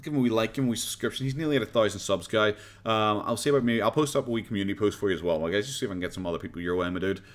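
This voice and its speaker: Sarcastic Irish streamer. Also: male voice, lowish voice, rapid-fire, hardly any pauses. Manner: sarcastic, swears freely, laughs often. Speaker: streamer reacting to videos. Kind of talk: casual commentary.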